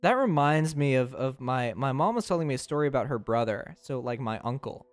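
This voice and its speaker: A man's voice: mid-range voice, expressive, a little fast, no echo. A young man streaming live, chatting playfully with his chat, laughing often and tripping over his words.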